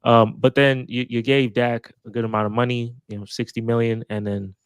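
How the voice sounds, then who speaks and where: A man co-hosting a casual sports chat, animated and joking, pushing his opinions hard. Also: medium pitch, a little fast, clean tone, no echo. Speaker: podcast co-host.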